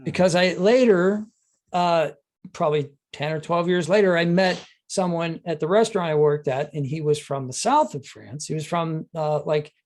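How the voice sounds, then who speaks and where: A man hosting a podcast who tells anecdotes in a chatty way and gets animated when quoting others. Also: fairly high pitch, moderate pace. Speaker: podcast host. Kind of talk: casual conversation, anecdotes.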